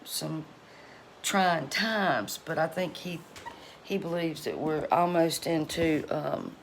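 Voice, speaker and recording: A woman's voice: low voice, slow pace. A middle-aged woman with a drawl chats casually to her viewers from her home kitchen. She is folksy and talkative and laughs often between thoughts. A faint hum of noise sits under her voice. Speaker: cooking channel host.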